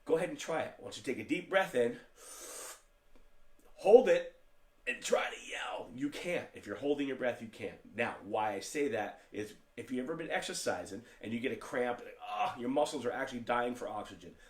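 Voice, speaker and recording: A man teaching an online martial arts class, giving upbeat step-by-step commands for stances and warm-ups. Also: mid-range voice, lively intonation, fast talker, hardly any pauses, reverberant. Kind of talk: online fitness class instruction.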